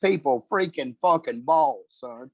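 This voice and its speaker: A man's voice: on the high side, animated, unhurried, slightly rough, no echo. A man, a podcast guest telling a story in a laid-back, heavily profane way. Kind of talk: casual storytelling.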